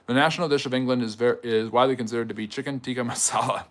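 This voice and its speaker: A man hosting a livestream history lecture, answering chat questions in a conversational way with fillers and quick rebuttals. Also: mid-range voice, fairly even intonation.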